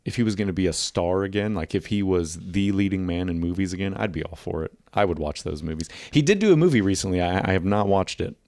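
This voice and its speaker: A man's voice: deep voice, fast, hardly any pauses, a little mellow, no room sound, studio quality. A man co-hosting a podcast in casual chat, laid-back and swearing freely. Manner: laid-back, swears often, slips into jokey voices. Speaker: podcast co-host.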